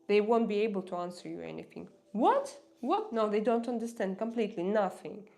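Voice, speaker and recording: A woman whose first language is not English, hosting a casual livestream and answering viewer comments in an earnest, impassioned way, halting often with fillers and restarts. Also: mid-range voice, steady tone, vocal fry, dark tone. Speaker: livestream host.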